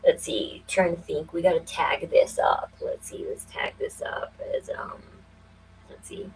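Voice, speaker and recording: A woman in her forties hosting a casual livestream, thinking aloud with many fillers and breaking into quick, emphatic, conspiratorial bursts. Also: lowish voice, fairly even intonation, a little hiss or hum, low-quality recording. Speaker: livestream host.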